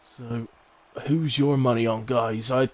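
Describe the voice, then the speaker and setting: Bristolian male race commentator, relaxed and rambling, fills dead air with chat, mid-pitched voice. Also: slow pace, low-quality recording. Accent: Bristolian English. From Bristol, England. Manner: chatty, rambling, fills gaps with asides. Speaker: sim racing league commentator. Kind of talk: live casual race commentary.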